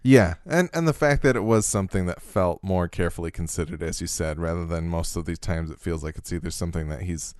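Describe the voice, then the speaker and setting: A man's voice: low-pitched, fast, few pauses, darkish tone, clean tone, dry recording, clean studio sound. A man co-hosting a podcast in casual chat, thoughtful and a little hesitant, with fillers and restarts. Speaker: podcast co-host.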